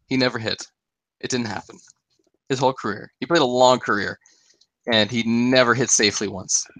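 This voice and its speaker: A man in casual sports chat on a podcast, with a bright, forceful voice recorded close and dry. He jokes around and chuckles often as he talks. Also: mid-range voice, dry recording. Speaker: podcast co-host.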